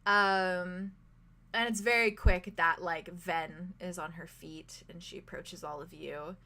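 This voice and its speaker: A woman narrating as game master of a tabletop game in an animated, chatty way, full of fillers. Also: lowish voice, takes it slowly.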